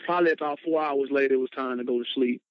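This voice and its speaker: A man's voice: medium pitch, steady tone, racing, dry recording. A man, a motivational speaker, telling his personal story with emphatic, dramatic retelling. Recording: dull lo-fi, dry sound.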